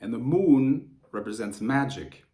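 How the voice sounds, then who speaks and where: A man's voice: medium pitch, lively intonation, unhurried. Profane, heated man ranting to camera. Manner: rising to forceful outbursts. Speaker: occult teacher. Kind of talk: unscripted monologue to camera.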